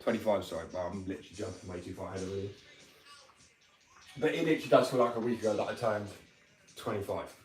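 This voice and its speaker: Speaking quickly but pausing often, a man in his 20s with a fairly low pitch rambles opinionatedly and swears in relaxed conversation. The workshop room is echoey, the mic is far off, and music plays in the background.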